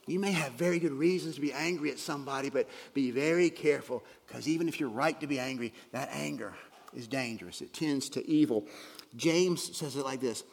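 A man preaching a sermon in an earnest way, with a gravelly, husky voice, dropping to soft whispers for emphasis. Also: medium pitch, normal speed, in a large hall. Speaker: pastor.

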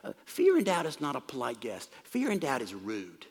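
A man's voice: mid-range voice, huge pitch swings, moderate pace, slightly rough, in a large hall. A man preaching a sermon, explaining scripture in a plain, conversational way.

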